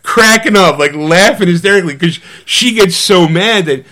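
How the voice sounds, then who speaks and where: Animated man retelling a movie plot. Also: high-pitched, moderate pace. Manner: animated storytelling, slipping into quoted voices; loose, rambling with fillers and restarts. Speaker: podcast co-host.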